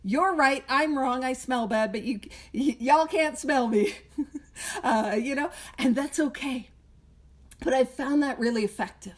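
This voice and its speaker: A woman's voice: high voice, a little slow. A woman giving a talk at a recovery meeting, joking and self-deprecating in a conversational way, heard over a video call. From Canada.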